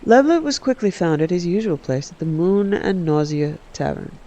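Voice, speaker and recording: A man casually reading a story aloud, relaxed and correcting his own slips. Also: high-pitched, moderate pace, dull audio. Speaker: game streamer reading an in-game book. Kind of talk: casual read-aloud narration.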